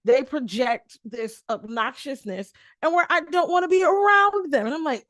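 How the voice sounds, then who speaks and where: A woman's voice: high-pitched, animated, normal speed, fairly bright tone, no room sound. A woman in a casual group conversation, blunt, opinionated and freely profane.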